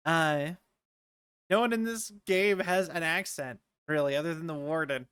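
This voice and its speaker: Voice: medium pitch, moderate pace, a bit bright, clear, resonant tone, no echo, studio quality. A streamer chatting casually and rambling while playing a game at a home setup. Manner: rambling, joking aside-talk. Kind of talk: casual gameplay chat.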